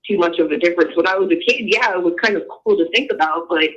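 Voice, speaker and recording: High-voiced male caller on muffled internet call. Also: a bit bright. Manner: halting, frank, swears casually. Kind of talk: casual call-in chat.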